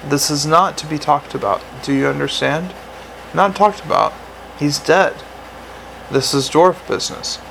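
A man's voice: fairly high pitch, steady tone, measured pace, vocal fry, fairly bright tone, a little hiss or hum, low-quality recording. A man reading the part of a secretive, scornful male dwarf, speaking urgently and conspiratorially.

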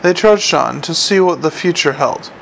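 A man reading a novel aloud in a steady, measured storytelling voice. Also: fairly high pitch, gravelly, a little hiss or hum, rough recording. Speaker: audiobook narrator. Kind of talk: audiobook narration.

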